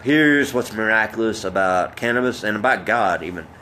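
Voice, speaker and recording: A man's voice: fairly low pitch, lively intonation, moderate pace, bright, forceful tone, slight background noise. A man from Oklahoma giving a personal video update, talking earnestly and a bit preachy, rambling with fillers and restarts. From Oklahoma, United States. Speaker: vlogger.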